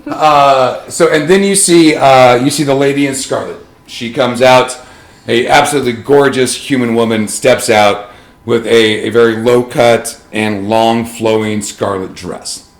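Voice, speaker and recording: A man's voice: mid-range voice, steady tone, a little slow, reverberant. A man running a tabletop game, narrating in a casual, rambling way with lots of filler. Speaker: game master.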